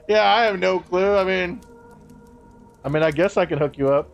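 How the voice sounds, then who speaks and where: A man's voice: high voice, slow, gravelly, long pauses, muffled recording, soft background music. A man streaming a game live, chatting casually, swearing and laughing as he banters with his chat. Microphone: streaming microphone.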